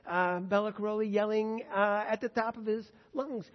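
A man preaching a sermon in an earnest way, swinging between loud emphasis and hushed tones. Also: sits high, fairly even intonation, moderate pace. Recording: dull sound with long hall reverb.

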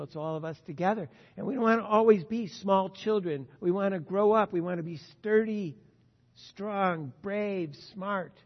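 A man preaching a sermon as pastor, earnest and emphatic, his loudness rising and falling. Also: sits high, big-room sound, lo-fi sound.

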